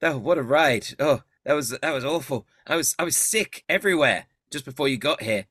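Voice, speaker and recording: A man's voice: mid-range voice, lively intonation, brisk, a bit bright, dry recording, clean studio sound, pitched above the performer's own voice. A man voicing a chatty, sheepish male companion who rambles and apologizes. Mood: queasy.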